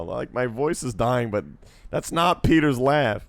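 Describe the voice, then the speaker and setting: A man's voice: medium pitch, expressive, moderate pace, gravelly, dry recording. Profane man reading a visual novel aloud. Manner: sarcastic, profane, talks to chat. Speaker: streamer playing a visual novel. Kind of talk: reading game text aloud with casual commentary. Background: guitar music.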